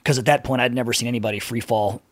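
A man's voice: medium pitch, steady tone, racing, no room sound, clean studio sound. A man telling war stories in casual podcast chat, swearing freely, laughing and acting out the voices of people he quotes. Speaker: former Navy SEAL guest storyteller.

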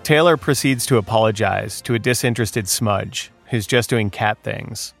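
A man co-hosting a podcast, narrating a script with measured, pointed commentary. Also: on the low side, creaky, a bit bright, soft background music. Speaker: podcast co-host.

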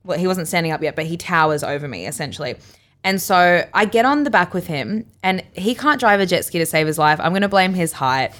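A young Australian woman co-hosting a podcast, telling a story in casual chat and acting out quotes with big leaps in pitch and frequent laughs. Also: a little fast. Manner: animated, acts out quotes with big jumps in pitch, laughs often. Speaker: podcast co-host.

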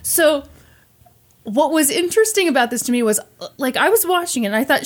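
A woman hosting a podcast, casually telling a true-crime story in an animated way, acting out quotes and laughing often. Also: high voice, brisk. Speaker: podcast host.

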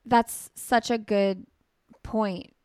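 A woman's voice: mid-range voice, steady tone, extremely slow, warm tone, clear, resonant tone, dry recording, clean studio sound. A woman hosting a podcast, chatting casually and affirming her guest. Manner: conversational, affirming. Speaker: podcast host. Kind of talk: casual interview chat.

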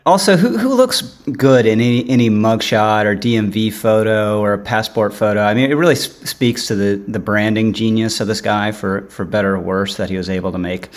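A man's voice: lowish voice, a little fast, few pauses. A man hosting a political podcast panel, talking casually with frequent stumbles and restarts. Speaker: podcast host.

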